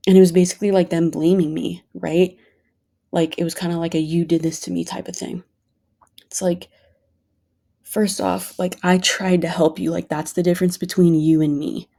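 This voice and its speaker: A woman's voice: fairly low pitch, little pitch movement, normal speed, vocal fry, mellow. A woman talking casually and earnestly to camera in a personal vlog, rambling with lots of "like". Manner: earnest, rambling, heavy use of "like". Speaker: vlogger.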